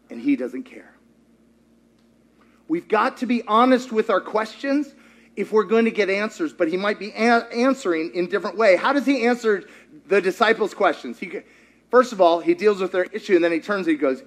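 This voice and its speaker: A man preaching a sermon, animated, quizzing the congregation and acting out quotes. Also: sits high, a little fast. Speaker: pastor.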